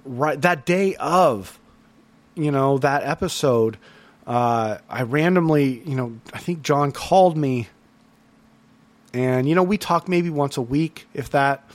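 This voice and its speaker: Earnest rambling man hosting a podcast. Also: mid-range voice. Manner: earnest, rambling, many fillers and restarts. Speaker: podcast host. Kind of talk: casual solo podcast recap.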